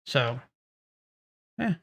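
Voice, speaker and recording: A man's voice: extremely slow, fairly bright tone, a little hiss or hum. A man hosting a channel, commenting on testimonials in a musing, conversational way with sarcastic asides. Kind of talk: video commentary.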